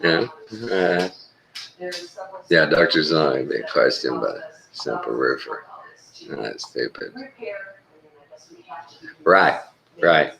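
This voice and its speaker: A middle-aged man with a very low voice tells rambling, laid-back stories in casual chat. He drawls easily and swears offhandedly. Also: slow pace, gravelly, pauses often, crowd noise, poor audio. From Texas. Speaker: traveling surgical tech.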